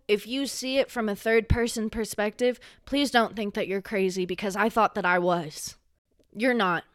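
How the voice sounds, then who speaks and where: A woman's voice: on the high side, fairly bright tone, no echo. A woman hosting a personal podcast monologue, blunt and impassioned, swearing freely into a studio microphone. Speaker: podcast host.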